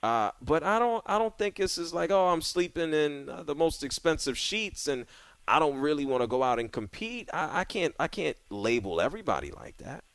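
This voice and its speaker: A man hosting a sports radio talk show, talking in a relaxed, conversational way. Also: fairly high pitch, normal speed, dry recording.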